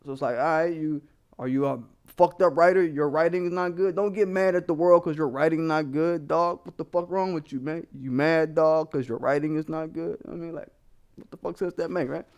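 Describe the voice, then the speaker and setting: A man delivers a heated, profanity-laced rant, talking straight to his viewers. His voice sits a bit high for a man, and he keeps it blunt and casual throughout. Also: fairly even intonation, fairly quick, a little mellow, clean tone. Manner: blunt, heated, swearing constantly, addressing viewers directly. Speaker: commentary channel host.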